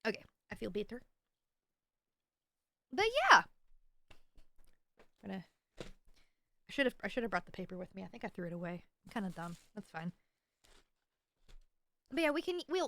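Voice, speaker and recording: A woman's voice: mid-range voice, animated, fast, no room sound. A woman livestreamer chatting casually to her stream, rambling and playful with a self-mocking edge.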